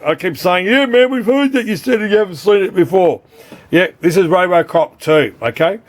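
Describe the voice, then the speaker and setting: A man's voice: on the high side, a little hiss or hum. An Australian man who repairs arcade boards, chatting casually and rambling, swearing freely and calling the viewer mate. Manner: rambling, swears often, keeps saying "mate". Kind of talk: casual unscripted video chat.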